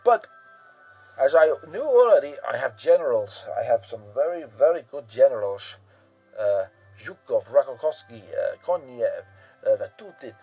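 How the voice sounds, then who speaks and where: Man doing a rough, blunt dictator who swears freely, lively pitch, muffled recording with faint music. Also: normal speed. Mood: desperate. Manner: profane, blunt, casual. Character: crude panicking male dictator handing over command.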